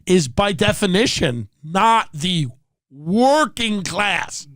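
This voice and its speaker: A man's voice: high-pitched, expressive, takes it slowly, fairly bright tone, dry recording. Sarcastic, profane male comic ranting. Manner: sarcastic, profane, impersonates people mid-rant. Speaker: podcast host. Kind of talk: comedic rant.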